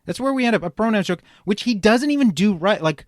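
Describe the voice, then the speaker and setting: A man hosting a reaction commentary show, ranting sarcastically and swearing, jumping from loud outbursts to low mutters. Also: lively intonation, fast, dry recording, studio quality. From immigrant. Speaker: commentary podcast host.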